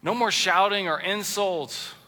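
Pastor guy preaching, super bright tone, echoey church hall. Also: high voice, unhurried. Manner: animated, acts out quoted voices. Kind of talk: sermon. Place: church sanctuary.

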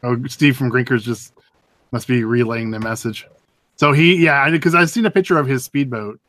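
A man's voice: medium pitch, normal speed, fairly bright tone, no room sound. A man from British Columbia co-hosting a podcast, chatting casually and explaining at length with restarts. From British Columbia, Canada. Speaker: podcast co-host. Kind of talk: casual group chat.

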